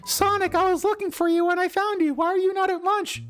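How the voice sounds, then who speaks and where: A man voicing an eager, worried young male fox sidekick in a squeaky falsetto, in a storybook reading. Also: fairly even intonation, brisk, a bit bright, soft background music. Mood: pleading. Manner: earnest, plaintive.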